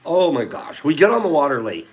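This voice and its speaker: Animated older man telling a story. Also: a little high, brisk, faint music behind. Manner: animated, chuckling, acts out friends' lines. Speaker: host. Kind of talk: casual storytelling.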